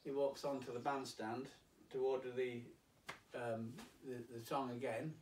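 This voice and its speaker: A man telling a story, reminiscing in an unhurried way with fillers. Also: mid-range voice, level tone, darkish tone, a little hiss or hum. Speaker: storyteller and pianist. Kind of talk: casual storytelling. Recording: roomy, distant, faint piano.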